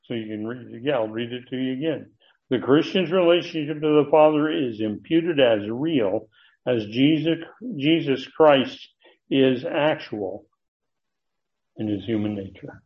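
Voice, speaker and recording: A man teaching a Bible passage to a class, earnest and emphatic, slowing down to stress key words as he reads from his notes. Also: mid-range voice. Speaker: pastor teaching a Bible study. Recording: dull lo-fi recording.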